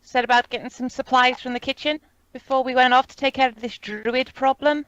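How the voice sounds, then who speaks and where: A high-voiced woman speaks in character during a tabletop game. Her manner is plain and matter-of-fact. The recording is dry and muffled. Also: fairly even intonation, fairly quick, fairly bright tone, no echo. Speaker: player. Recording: dry, dull lo-fi sound.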